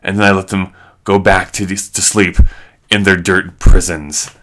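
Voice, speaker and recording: A man voicing an eccentric male street stranger with grand claims, speaking slowly and solemnly. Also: low-pitched, level tone, a bit bright.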